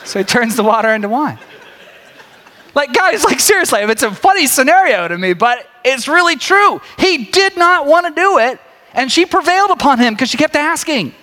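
Male preacher with a bright, sharp tone, talking casually and joking with the crowd, recorded in a reverberant hall. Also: very high voice, fairly quick. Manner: conversational, animated, jokey asides. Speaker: pastor. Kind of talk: sermon.

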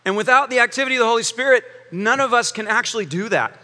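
Male pastor preaching in a lively, joking way, bright tone. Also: very high-pitched, quick pace. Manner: animated, joking preaching with acted quotes. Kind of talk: sermon. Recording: long hall reverb.

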